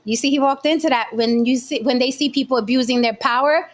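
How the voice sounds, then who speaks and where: A woman hosting a heated podcast panel debate. She repeats phrases and launches into rants, then calms down quickly. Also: high voice. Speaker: podcast host.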